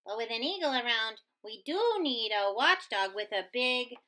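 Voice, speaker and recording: A woman voicing a small, bossy young prairie dog in a storybook, calling out quick, squeaky commands. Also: lively intonation, pushed and bright. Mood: cheeky.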